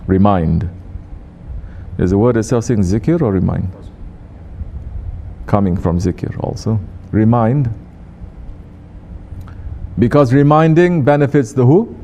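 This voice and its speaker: A man with a Turkish accent teaches a congregation in a low, gravelly, mellow voice. He keeps asking the listeners questions and teases them. A faint hum sits under the recording. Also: slow, long pauses. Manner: questions the audience, teasing and repetitive. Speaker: sufi teacher.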